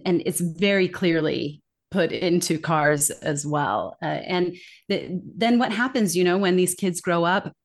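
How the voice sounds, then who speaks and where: Earnest low-voiced woman explaining. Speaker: guest expert on accent bias. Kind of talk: conversational podcast interview.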